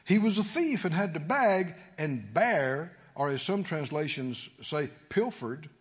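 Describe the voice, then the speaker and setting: Impassioned preacher, husky and lively. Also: male voice, a little high, measured pace. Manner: call-and-response preaching, rising to emphatic peaks. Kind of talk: sermon. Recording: lo-fi church recording with long reverb.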